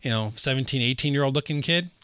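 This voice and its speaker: Bright, dry-voiced man chatting about movies. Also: medium pitch, smooth, no room sound. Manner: rambling, halting, many fillers and restarts. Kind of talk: casual movie discussion.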